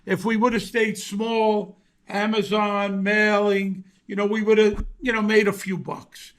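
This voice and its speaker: A man's voice: high voice, little pitch movement, a little slow, smooth. A middle-aged man being interviewed over a video call, chatting in a rambling way full of filler phrases. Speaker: actor guest. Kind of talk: casual interview chat.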